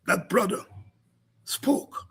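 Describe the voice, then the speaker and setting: A man hosting a political podcast, delivering impassioned commentary with rhythmic repetition that builds to shouts. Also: drawn-out words.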